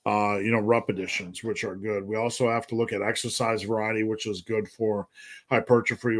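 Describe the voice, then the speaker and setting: Guy answering lifting questions on a live stream, jokey and rambly, reads out viewer names. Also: medium pitch. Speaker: fitness coach answering live chat questions.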